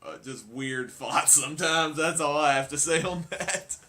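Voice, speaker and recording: A man as a guest in a casual movie chat, talking in a relaxed way with many fillers. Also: fairly high pitch, moderate pace. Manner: relaxed, uses lots of "like" and "uh".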